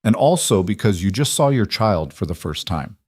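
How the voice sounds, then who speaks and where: A gentle, reassuring woman doctor, as a low-voiced man reads her part. She talks in a kind, steady way, and the recording is close and dry with no room sound. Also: moderate pace, slightly rough, no echo. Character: calm, warm female doctor.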